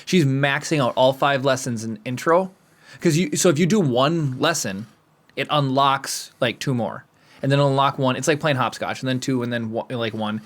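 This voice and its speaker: A man co-hosting a podcast in casual chat, animated and laughing often. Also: mid-range voice, moderate pace. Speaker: podcast co-host.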